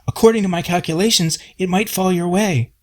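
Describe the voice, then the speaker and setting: A man voicing a fussy, anxious man who talks in a hurried, prissy way. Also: sits high, pitched above the performer's own voice, close to an everyday voice. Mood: fretful. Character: fretful, fussy man fussing over a fallen tree.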